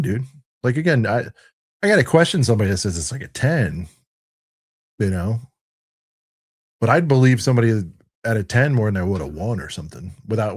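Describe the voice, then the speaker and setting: A man in his thirties talks casually on a review panel at an ordinary mid pitch. He rambles loosely and fills his sentences with "dude" and "like". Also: a little mellow. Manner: rambling and laid-back, full of "dude" and "like". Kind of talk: casual chat.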